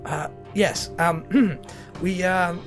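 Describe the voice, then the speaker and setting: A woman's voice: fairly low pitch, very slow, music in the background. A woman voicing a polite, fussy female chancellor of a fantasy nation in a put-on French accent, courteous and hesitant. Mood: pleading. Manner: courteous, gushing, hesitant with many ums.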